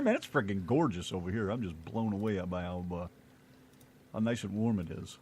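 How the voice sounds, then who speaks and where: A man's voice: on the low side, a little fast, darkish tone, slightly rough. An American man co-hosting a casual chat show, joking playfully and chuckling. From United States. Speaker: co-host.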